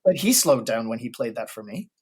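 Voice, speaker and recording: A man, a guest expert on historical piano recordings, explaining ideas in a thoughtful, measured way during a casual interview. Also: medium pitch, expressive, a little mellow, breathy edge.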